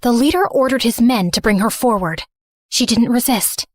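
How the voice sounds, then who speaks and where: A woman's voice: on the high side, normal speed, no room sound, clean studio sound. Young woman narrating in first person. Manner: earnest, emotional storytelling.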